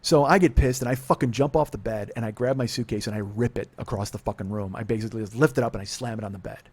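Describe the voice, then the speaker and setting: A man's voice: quick pace, slightly rough. Profane, confessional man in his forties. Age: 40s. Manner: profane, self-deprecating, swings from low mutter to loud outbursts. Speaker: podcast host. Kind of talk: confessional comedic storytelling.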